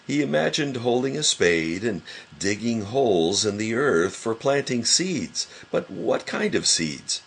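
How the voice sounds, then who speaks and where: A man narrating a children's read-along storybook in a lively, expressive way. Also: medium pitch, measured pace, vocal fry, few pauses, breathy edge.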